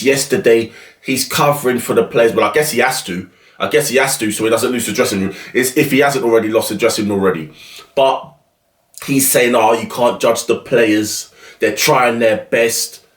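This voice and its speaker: A man's voice: mid-range voice, recorded from a distance. A man hosting a football show, delivering an exasperated, emphatic rant that keeps repeating its points. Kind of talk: ranting monologue. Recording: echoey room, off the mic.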